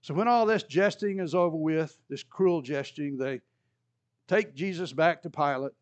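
High-voiced male preacher telling a story. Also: moderate pace, no echo, dull audio. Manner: storytelling preacher, acts out quoted voices with rising pitch. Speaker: pastor. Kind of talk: sermon.

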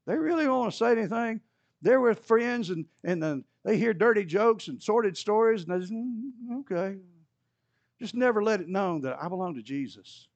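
A man preaching a sermon, animated, rising loud for emphasis and dropping low and quiet. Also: no room sound, highs cut off.

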